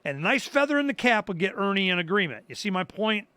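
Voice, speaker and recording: An older man hosting a talk radio show, his voice high and bright. He tells a story in a loose, rambling way, restarting his sentences and acting out the people he quotes. The sound is close and dry, with no room around it. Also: sing-song, fast talker, clean tone, dry recording. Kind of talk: casual talk-radio monologue.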